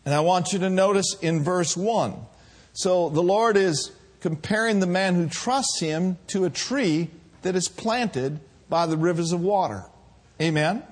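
A middle-aged male pastor preaching a sermon in a church, animated and laughing as he calls out to the congregation. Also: high-pitched, unhurried.

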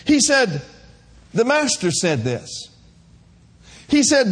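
A man's voice: extremely high pitch, big pitch swings, takes it slowly, long pauses, a bit bright, breathy edge. A man preaching a sermon, emphatic and humorous, calling out to his congregation.

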